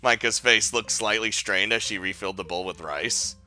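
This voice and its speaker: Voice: low voice, moderate pace, sharp tone, soft background music. A game streamer reading visual novel narration aloud with jokey, crude asides. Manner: jokey, swearing, laughs at own asides. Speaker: let's play host.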